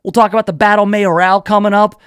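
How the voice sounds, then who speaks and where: Man, radio host, high voice, dry studio sound, rambling casual monologue, self-mocking. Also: flat delivery, fast talker, a bit bright, clear, resonant tone, no echo. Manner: rambling, self-deprecating storytelling with many restarts. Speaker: radio talk show host.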